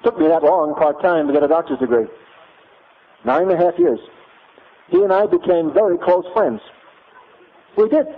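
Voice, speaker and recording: A man telling a personal story in a lively, emphatic, punchy way. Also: on the high side, moderate pace, gravelly, pauses often. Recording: tinny phone-like audio.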